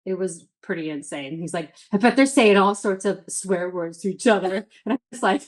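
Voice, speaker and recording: A woman's voice: mid-range voice, normal speed, poor audio. A woman in her thirties from the Midwest, telling a story as a guest in a casual interview, full of "like" and quoted self-talk.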